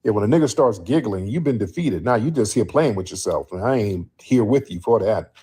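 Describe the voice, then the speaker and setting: A man's voice: fairly low pitch, animated, brisk, dark tone, breathy edge. A man hosting a live stream, talking bluntly and casually to his viewers in the chat.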